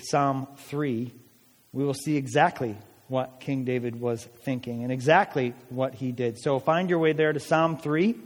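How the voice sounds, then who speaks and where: A man preaching a sermon as pastor, dramatic and emphatic, asking rhetorical questions of the congregation. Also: mid-range voice. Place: church hall. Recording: long hall reverb.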